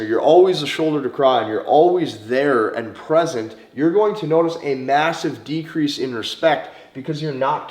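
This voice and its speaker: A man giving dating advice in a direct, emphatic monologue, sometimes slowing down and stretching words for emphasis. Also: mid-range voice. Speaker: dating coach. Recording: roomy echo.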